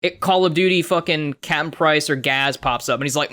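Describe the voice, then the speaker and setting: A young man co-hosting a podcast, telling a story in a casual, profane and animated way, mimicking voices along the way. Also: a little high, a little fast, hardly any pauses. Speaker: podcast co-host.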